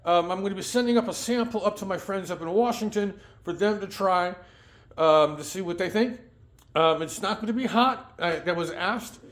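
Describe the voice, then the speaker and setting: A man's voice: sits high, moderate pace, fairly bright tone. A man hosting a daily home cooking vlog, chatting casually and rambling a little, often correcting himself and chuckling at his own slips. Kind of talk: casual chat.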